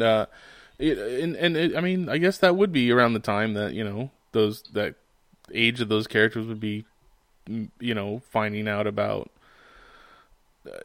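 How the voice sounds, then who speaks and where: Low-voiced man, halting casual chat. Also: fairly bright tone, dry recording. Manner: halting, searching for words, many fillers.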